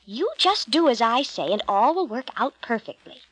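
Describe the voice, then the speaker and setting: A woman's voice: fairly high pitch, big pitch swings, normal speed, a bit bright, rough recording. A woman voicing Rebekah, a firm, scheming mother, in a storybook reading. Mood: insistent. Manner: firm, insistent.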